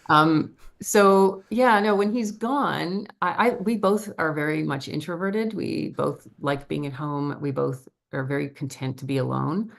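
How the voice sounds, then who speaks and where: A middle-aged actress chatting as a guest in a casual interview, telling stories in a lively, talkative way. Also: female voice, low-pitched, measured pace, gravelly. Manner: chatty, animated storyteller with laughs.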